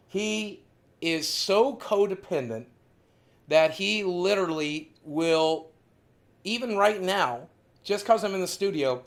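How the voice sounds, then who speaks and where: A man hosting a livestream from his studio, talking in an earnest, heartfelt, confessional way with emphatic repetition. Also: fairly high pitch. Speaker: livestream host.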